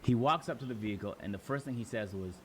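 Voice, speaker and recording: A young man telling a story to his live chat as a streamer, animated and profane, acting out his own replies in a hushed voice. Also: mid-range voice, fast, a little hiss or hum. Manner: animated, profane, talks to chat, acts out his side quietly.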